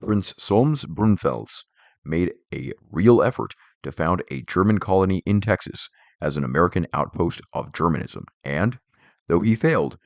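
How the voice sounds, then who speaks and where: A man reading a nonfiction book aloud in a measured, formal narration, speaking the quotation marks as he goes. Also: deep voice, creaky, no echo. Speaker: audiobook reader.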